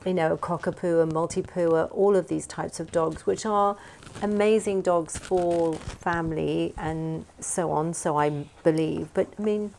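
A woman's voice: lowish voice, fairly even intonation, a little slow, vocal fry, a little mellow, a little hiss or hum. A woman co-hosting a podcast, speaking earnestly in casual conversation and laughing readily. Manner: earnest, opinionated about dog welfare, laughs readily. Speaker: podcast host. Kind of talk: casual chat.

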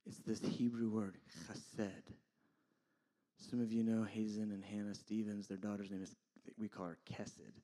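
A man pastor preaching a sermon, moving from loud, impassioned appeals to quiet, intimate asides. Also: lowish voice, little pitch movement, normal speed.

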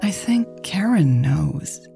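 A woman voicing a playful, teasing young woman in love, speaking softly and often in a breathy whisper. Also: on the low side, moderate pace, lightly acted. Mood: whiny, pensive. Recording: faint music behind.

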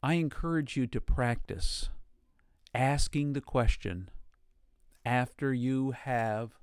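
Male meditation guide, unhurried, gentle, smooth and resonant, dry recording. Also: medium pitch, no room sound. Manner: slow, gentle, with long pauses.

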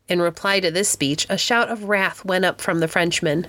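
A woman reading a history storybook aloud as an audiobook narrator, calm and gentle. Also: fairly low pitch, normal speed, few pauses.

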